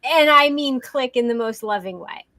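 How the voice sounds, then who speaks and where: A woman's voice: high voice, expressive, moderate pace, pushed and bright, dry recording, studio quality. A woman co-hosting a podcast in casual chat, blunt and playful, with mild swearing. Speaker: podcast co-host.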